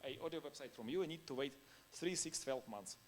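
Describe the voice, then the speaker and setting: A man speaking at a conference in English as a second language keeps it informal, drawing on anecdotes and laughing between points. His voice is on the high side and fast, with slight background noise.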